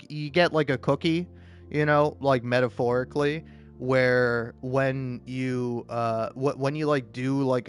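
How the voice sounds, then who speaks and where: An American man rambling through let's play commentary, with lots of fillers, restarts and laughs. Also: mid-range voice. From United States. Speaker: gamer, channel host.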